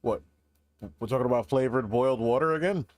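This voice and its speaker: Man, sarcastic banter, rapid delivery, gaming chat. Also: medium pitch, dry recording. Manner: sarcastic, quick. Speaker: friend on voice chat.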